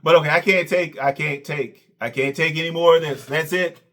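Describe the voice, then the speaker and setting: A man's voice: a little high, fairly even intonation, normal speed, a bit bright. A man hosting a reaction commentary, sarcastic and mocking, who keeps repeating "okay" and "Coach.". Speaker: commentary channel host.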